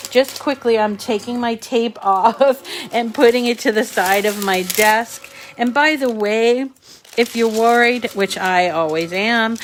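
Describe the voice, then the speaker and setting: Woman, New England accent, craft channel host, casual live-stream talk to viewers, middle pitch. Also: slight background noise. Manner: chatty, talks to viewers and reads their comments.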